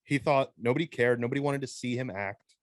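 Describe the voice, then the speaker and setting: A man's voice: mid-range voice, a little fast, no room sound. A man chatting casually and reflectively as a podcast co-host. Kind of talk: casual chat.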